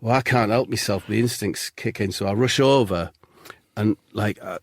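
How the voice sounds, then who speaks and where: A man telling an absurd comic story in a deadpan, rambling way as a podcast co-host. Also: fairly low pitch, normal speed, slight background noise. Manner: deadpan rambling tall tale.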